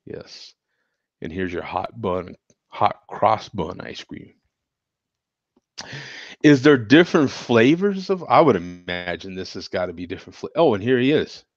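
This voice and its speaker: A man from the United States hosting a casual chat show, reacting to viewer comments with frequent laughs and animated exclamations. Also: on the low side, a little slow, long pauses, dry recording. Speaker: show host. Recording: dull, dry lo-fi sound.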